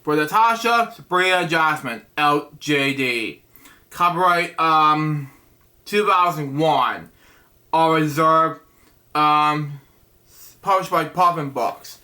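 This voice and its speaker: A man hosting a bedtime story show, reading a picture book aloud in a halting way, stumbling over words and breaking off with asides. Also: on the high side, pushed and bright. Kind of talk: casual read-aloud with asides.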